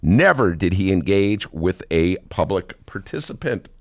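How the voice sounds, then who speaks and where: A man hosting a talk radio show, giving lively, mocking political commentary and laughing often. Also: low voice, unhurried, no echo, studio quality.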